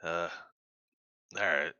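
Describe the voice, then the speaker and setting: A man's voice: deep voice, steady tone, slow, bright, forceful tone, dry recording, muffled recording. A man with a rural Missouri accent playing a tabletop game, talking in an easygoing way and laughing at himself. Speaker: player. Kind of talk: casual tabletop chat.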